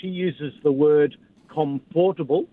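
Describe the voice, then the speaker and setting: A man calling in to a radio show on the phone, halting and repeating himself as he talks. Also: a little high, no echo. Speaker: caller. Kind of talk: talkback call. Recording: tinny phone line with light hiss.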